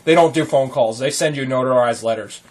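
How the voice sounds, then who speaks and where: A man's voice: mid-range voice, fairly quick. A man hosting a casual chat show, rambling through jokey stories and laughing often. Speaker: podcast host.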